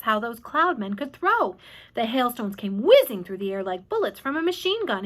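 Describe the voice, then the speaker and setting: A woman reading a children's book aloud in an expressive, animated way. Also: high voice. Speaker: storyteller.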